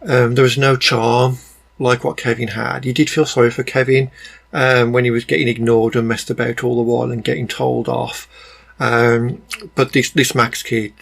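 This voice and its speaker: Gravelly Black Country man, blunt. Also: medium pitch, flat delivery, moderate pace. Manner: blunt, exasperated, rambling with many fillers. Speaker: podcast film reviewer. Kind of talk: casual spoken review.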